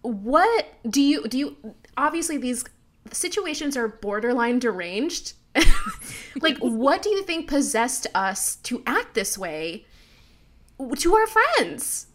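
A woman's voice: sits high, slow pace. A woman co-hosting a casual chat, telling stories with acted-out quotes. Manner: animated storyteller, acts out quotes. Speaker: podcast co-host.

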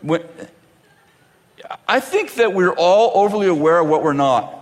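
A male preacher with a high, very lively voice delivers a humorous sermon in a large church hall before a live audience. He jokes, laughs often and acts out dialogue in quick voices. The long reverb of the hall carries faint audience sounds and noise.

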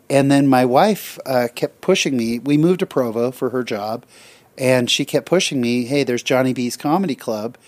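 A man's voice: mid-range voice, no room sound. A middle-aged man co-hosting a podcast, telling stories in casual chat and often laughing as he talks. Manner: animated storyteller who laughs often. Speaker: podcast co-host.

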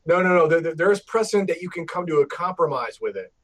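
A man co-hosting a casual chat, cutting in with quick, emphatic remarks. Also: on the high side, expressive, a bit bright. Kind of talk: casual comic book chat.

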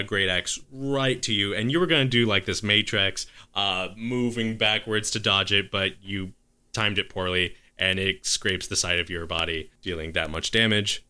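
A man's voice: fairly low pitch, pushed and bright, smooth. A man narrating as game master of a tabletop game, improvising the action and stopping to correct himself.

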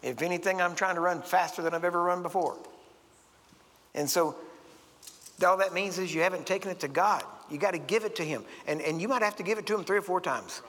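In a church sanctuary, a man with a high, brisk, slightly bright voice preaches a sermon full of folksy stories, acting out the voices of the people in them. The recording carries a long hall reverb.

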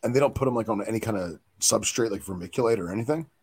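Male podcast co-host, husky tone, laid-back questions. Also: lowish voice, rapid-fire, darkish tone. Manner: laid-back, short reactions and follow-up questions. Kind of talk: casual interview chat.

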